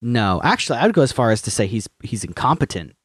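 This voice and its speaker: Animated man on a casual podcast. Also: mid-range voice, quick pace, breathy edge, no echo, studio quality. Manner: animated, swears freely, acts out movie scenes in silly voices. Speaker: podcast co-host. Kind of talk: casual chat.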